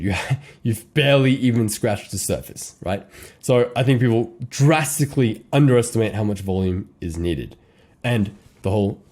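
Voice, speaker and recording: A young man coaching on copywriting in a casual, animated way, with slang and short laughs between points. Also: mid-range voice. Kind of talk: casual teaching monologue.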